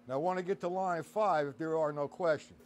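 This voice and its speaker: A man's voice: a little high, fairly quick. A middle-aged man giving a casual live-streamed drum lesson, counting beats aloud and talking to his chat. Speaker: drum teacher. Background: drum kit playing.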